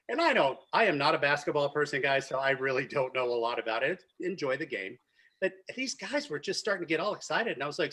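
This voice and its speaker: A man's voice: fairly high pitch, slightly rough. A man, a winemaker, chatting casually at a virtual wine tasting and telling stories with frequent laughter. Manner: animated storyteller, laughs often. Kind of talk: casual chat. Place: virtual tasting video call.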